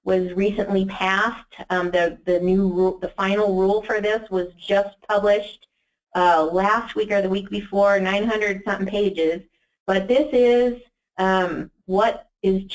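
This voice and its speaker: Chatty woman presenting a webinar, muffled. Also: mid-range voice. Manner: enthusiastic, chatty, frequent fillers and restarts. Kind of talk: casual presentation.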